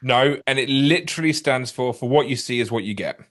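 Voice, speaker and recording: Relaxed chatty male co-host. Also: mid-range voice, brisk. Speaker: podcast co-host. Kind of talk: casual podcast banter.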